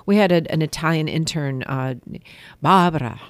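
A woman's voice: sits low, moderate pace, no echo. Chatty woman guest on a radio show, laughs a lot, tells stories, dry close sound. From California. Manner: chatty, laughs easily, storytelling. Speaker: winemaker guest. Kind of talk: casual radio interview.

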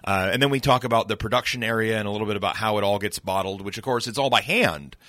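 Chatty man with a bright, dry voice. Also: fairly low pitch, quick pace, dry recording. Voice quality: rich broadcast-style voice. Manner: chatty, storytelling, laughs often. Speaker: guest, distillery tour guide. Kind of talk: casual radio interview chat. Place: radio studio.

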